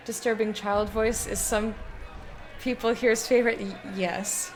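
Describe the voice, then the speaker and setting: A woman's voice: a little high, fairly even intonation, measured pace, some chatter behind, a little hiss or hum. A woman streaming a game in casual chat, giggly and loose and swearing now and then as she talks with her viewers.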